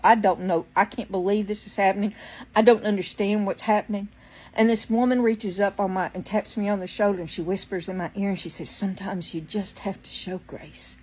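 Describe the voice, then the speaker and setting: This woman, a vlogger with a mid-range voice, tells a story from her own life in a loose, casual way, restarting sentences, using fillers, and sometimes coughing because her throat tickles. Quoted lines get altered voices, and soft ones drop to a hush. Audio quality is poor.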